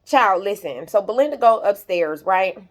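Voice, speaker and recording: A young woman with a medium-pitched, animated voice recaps a TV episode at a moderate pace, chatting gossipily and directly to her viewers while acting out the characters' lines. She's a YouTube show recapper recorded on a compact camera.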